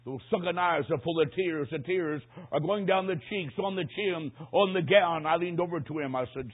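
A man preaching a sermon with dramatic storytelling that swings from hushed tones to shouting. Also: a little high, brisk, husky. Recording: tinny, phone-like recording.

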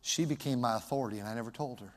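A man's voice: mid-range voice, racing, long reverb tail. A male pastor preaching a sermon, telling a personal story in a reflective, folksy way.

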